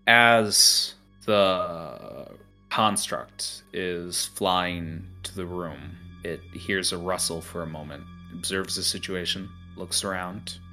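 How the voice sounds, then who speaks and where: A deep-voiced man running a tabletop game as its game master. He describes scenes in a relaxed, unhurried way, with frequent fillers, over faint music.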